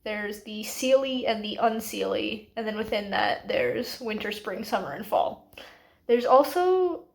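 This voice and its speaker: A woman's voice: mid-range voice, animated, unhurried, creaky. A woman in her late twenties talking casually to camera in a rambling, self-deprecating book vlog. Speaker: book vlogger.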